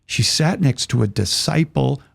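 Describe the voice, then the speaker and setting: An older man, a podcast guest, telling a lively story in casual conversation and acting out the voices of the people in it. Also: medium pitch, measured pace, vocal fry, breathy edge. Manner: acts out voices in his stories, chuckles often.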